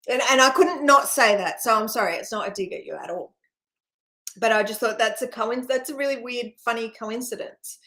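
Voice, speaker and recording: A middle-aged woman with a fairly high voice gives a loose, casual spiritual talk. She rambles and laughs often, and fills her thoughts with ums and likes. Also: moderate pace, a bit bright. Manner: rambling, full of fillers and laughs. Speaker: spiritual channel host.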